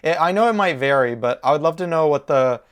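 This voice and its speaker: A man hosting a reaction video, talking excitedly back at the characters on screen. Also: fairly high pitch, quick pace, smooth. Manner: animated, exclaims and talks to the characters.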